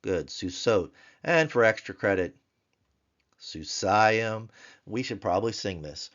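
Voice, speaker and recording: A man teaching Biblical Hebrew grammar in a recorded lesson, explaining slowly and chanting word forms in a sing-song voice. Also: fairly low pitch, lively intonation, fairly bright tone, muffled recording. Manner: slow, deliberate explanations.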